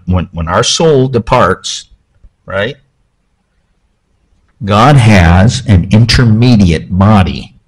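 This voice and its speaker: Low-voiced pastor preaching casually. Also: male voice. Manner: conversational, frequent "okay?" checks and restarts. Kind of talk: sermon. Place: church.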